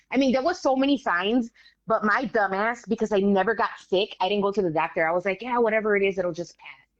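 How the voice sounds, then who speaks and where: A woman, a guest telling a story in casual animated talk, acting out the voices of others. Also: fairly low pitch, no echo, highs cut off. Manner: animated, acts out quoted voices, swears casually.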